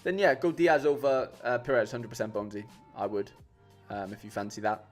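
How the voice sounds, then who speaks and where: A man chats casually to his live-stream viewers in a middle-pitched voice, rambling with plenty of fillers and restarts. Faint music plays quietly behind him. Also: animated, brisk. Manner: chatty, rambling, many fillers and restarts, says "mate" a lot. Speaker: streamer building fantasy football lineups.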